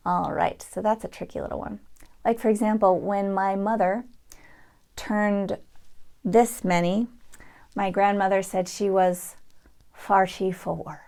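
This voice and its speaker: A woman's voice: medium pitch, steady tone, takes it slowly, vocal fry, pauses often, darkish tone. Woman teaching sounds. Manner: demonstrates sounds, switching in and out of an Irish accent. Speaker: accent coach. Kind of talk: dialect tutorial.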